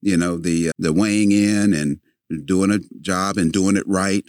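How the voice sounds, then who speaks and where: A man guesting in a conversation, telling a story in an animated way, repeating words as he goes and acting out the lines of the people in it. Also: low-pitched, normal speed. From a city, with family in the American South.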